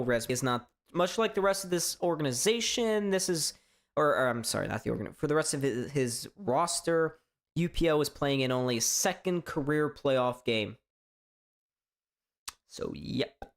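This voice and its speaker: A man from hosting a live sports reaction stream, chatting casually in a strained, hoarse voice, rambling and stammering through restarts. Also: medium pitch. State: voice straining from shouting. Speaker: sports fan livestream host.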